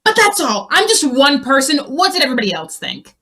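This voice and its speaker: A woman plays a sardonic young actor in a stage play who cuts others down with sarcasm. Her voice is high and bright, with a sharp, snippy edge. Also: wildly swooping pitch, fairly quick, full character voice. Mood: sarcastic.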